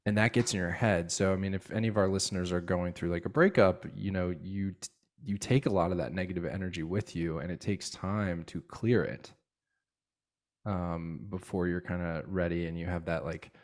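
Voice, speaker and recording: A man co-hosting a podcast, chatting in a relaxed, casual way and swearing freely. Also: low voice, normal speed. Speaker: podcast co-host.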